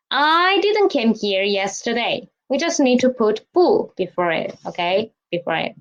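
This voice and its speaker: A woman's voice: fairly high pitch, very animated, slow, hardly any pauses. A woman teaches a language lesson patiently, repeating key phrases and checking in with "okay?". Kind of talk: slow explanatory lesson. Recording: dull lo-fi recording.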